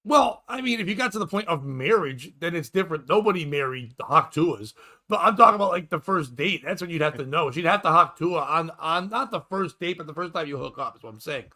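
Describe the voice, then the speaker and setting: A high, bright male voice riffing in loose comedic banter. He swears freely, jokes sarcastically, and slips into little acted-out quotes as he talks. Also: expressive, brisk. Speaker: podcast host, comedian. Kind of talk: casual comedic chat.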